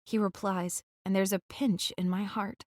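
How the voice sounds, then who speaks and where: A woman narrating a first-person romance audiobook in a gentle, intimate reading style. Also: medium pitch, little pitch movement, moderate pace, no echo, studio quality.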